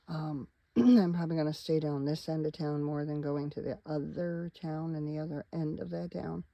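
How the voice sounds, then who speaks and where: A woman's voice: low-pitched, gravelly, mellow, no room sound, poor audio. A tired middle-aged woman vlogging from inside her parked van at night, chatting in a rambling, wandering way straight to her viewers. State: tired, yawning. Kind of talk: casual rambling vlog chat.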